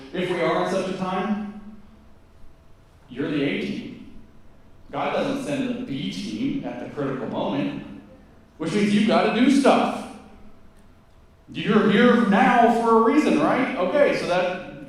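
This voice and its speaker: A man giving a live lecture to an audience in a conversational, emphatic way, full of quick asides and restarts. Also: fairly high pitch. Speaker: guest speaker. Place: event hall before a live audience. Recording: very echoey hall, mic at a distance.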